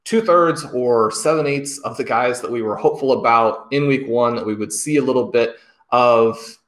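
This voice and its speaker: A man's voice: mid-range voice, moderate pace. A man co-hosting a podcast, chatty and enthusiastic as he analyzes. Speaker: podcast co-host. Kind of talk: casual podcast chat. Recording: roomy echo.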